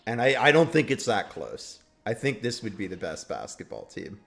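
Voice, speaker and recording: A man's voice: lowish voice, wildly swooping pitch, moderate pace, creaky, fairly bright tone, soft background music. Rambling young man streaming a game. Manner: rambling, trailing off with fillers. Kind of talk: casual stream chat.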